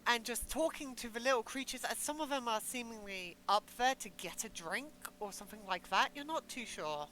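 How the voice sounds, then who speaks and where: A woman game master narrates a tabletop game, stopping, correcting herself and joking along the way. Her voice is bright and fairly high, with a lively swing in pitch. A faint hum runs under the recording. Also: rough recording. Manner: halting, self-correcting, joking.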